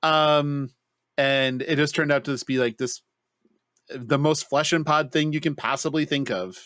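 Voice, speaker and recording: A man co-hosts a podcast, retelling a late-night mix-up with lots of swearing and lively energy. His voice sits a little on the high side and sounds close and dry, with no room around it. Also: moderate pace, no echo. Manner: profane, animated storytelling. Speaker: podcast co-host. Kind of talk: casual chat.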